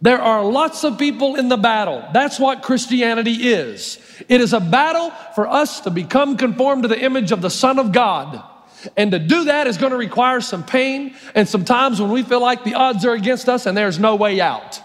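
A man's voice: extremely high pitch, expressive, normal speed. A male pastor preaching a sermon, storytelling and emphatic, with long hall reverb. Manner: storytelling, emphatic, varies his pace.

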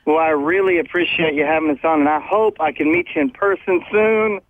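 A man's voice: fairly high pitch, a little fast. A male musician calling in by phone from backstage at a concert, chatting enthusiastically and laughing easily while walking around. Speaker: touring musician, phone-in guest. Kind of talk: casual phone interview. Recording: tinny phone line.

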